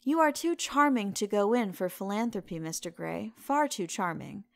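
A woman reading the lines of a witty, languid aristocratic gentleman in a storybook reading, in a teasing, drawling way. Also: mid-range voice, lively intonation, moderate pace, creaky, no echo.

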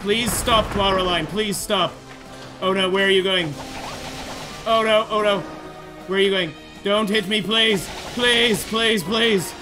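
Excitable high-voiced man over game music. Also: unhurried. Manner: excitable, talks to the boss and pleads with it. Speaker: gaming YouTuber. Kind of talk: let's play commentary.

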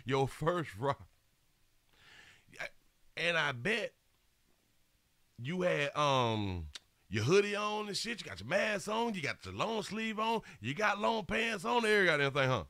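A man's voice: high-pitched, sing-song, unhurried, long pauses, pushed and bright, no room sound. A man hosting a commentary show, reacting to a news clip with mocking, slangy talk and swearing.

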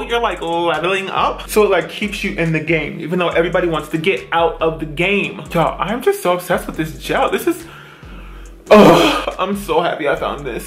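Gushing, dramatic young man vlogger, slightly high voice. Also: a bit bright. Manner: dramatic, self-mocking, gushing. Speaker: beauty vlogger. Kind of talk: chatty get-ready-with-me storytime.

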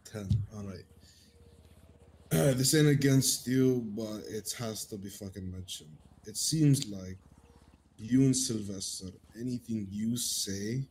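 A man in an in-character roleplay argument, frustrated and halting, with heavy swearing. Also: fairly low pitch, a little mellow, breathy edge.

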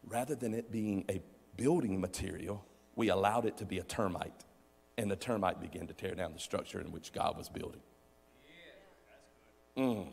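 A male preacher giving a sermon, repeating phrases emphatically and swinging between loud peaks and quiet, low stretches. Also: gravelly, big-room sound.

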